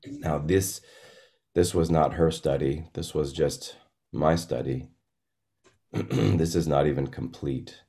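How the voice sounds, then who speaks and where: A man preaching in a slow, meditative way. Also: very deep voice, vocal fry, mellow. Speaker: pastor. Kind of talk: sermon.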